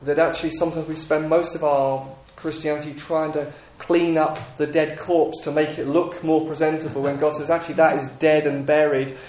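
A man's voice: on the high side, little pitch movement, moderate pace, hardly any pauses, a little mellow. Man preaching in an echoey room. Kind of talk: sermon.

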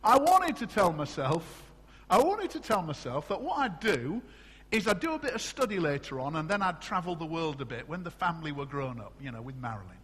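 A middle-aged man from England preaching a sermon in a church, animated and conversational, often asking the congregation questions. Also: fairly high pitch, fairly quick, breathy edge, big-room sound. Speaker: pastor.

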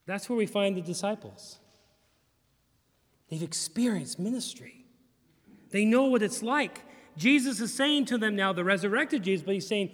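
A middle-aged man, a pastor, preaching a sermon in a church in an animated, humorous way, acting out bits of dialogue. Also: sits high, moderate pace, big-room sound. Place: church sanctuary.

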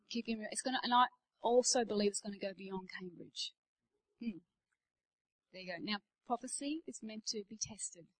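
A woman's voice: medium pitch, rough recording. A middle-aged woman with an Australian accent, preaching a sermon as a guest speaker in a church, telling anecdotes with emphasis.

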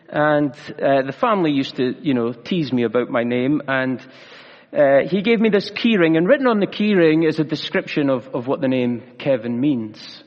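A pastor preaching a sermon in a measured way, slowing down for emphasis and adding light humor. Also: male voice, on the high side. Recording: reverberant hall, dull lo-fi sound.

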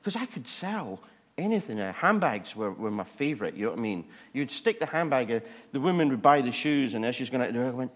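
Male preacher, animated self-mocking storyteller, reverberant hall sound. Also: medium pitch, brisk. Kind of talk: humorous testimony sermon.

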